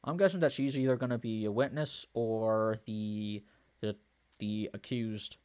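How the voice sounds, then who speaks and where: A man's voice: on the low side, fairly even intonation, unhurried, a little mellow, smooth. A man playing through a story game, reading the characters' lines in his own voice and breaking off to joke and theorize. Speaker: let's play commentator. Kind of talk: game playthrough reading dialogue aloud.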